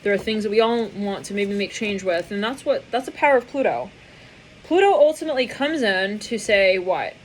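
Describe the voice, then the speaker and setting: A woman talks through a tarot reading in a loose, rambling way, at a middle pitch. She scatters filler words and laughs, slipping into little voices for the people she imagines. Faint noise sits behind her. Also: animated, brisk, poor audio. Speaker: tarot reader.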